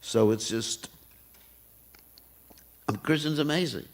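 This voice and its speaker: An older man giving a morning temple class, talking in an animated way and laughing often. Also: medium pitch, slow. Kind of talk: sermon. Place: temple hall.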